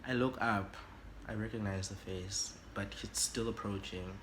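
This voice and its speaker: South african guy doing a storytime vlog, dramatic and animated, faint hiss behind. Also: fairly low pitch, normal speed. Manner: animated and dramatic, switches languages. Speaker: YouTuber.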